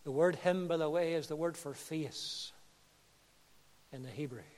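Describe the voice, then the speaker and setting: High-voiced preacher in an echoing hall. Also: male voice, measured pace. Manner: impassioned, swinging between hushed and loud. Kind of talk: sermon. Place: church. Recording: reverberant church hall.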